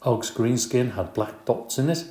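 A man reading a children's storybook aloud in an expressive, brisk way. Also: mid-range voice. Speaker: audiobook narrator. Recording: roomy echo.

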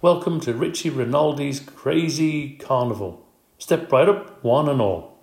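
A man's voice: medium pitch, a little slow, gravelly, a little mellow, reverberant, voice pushed up. A man doing an eager young student teacher. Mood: showman.

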